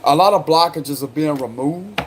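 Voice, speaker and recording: A man's voice: fairly high pitch, moderate pace, slight background noise. A man with a South Carolina accent doing a casual tarot card reading, slangy and chatty, breaking into laughter. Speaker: tarot reader.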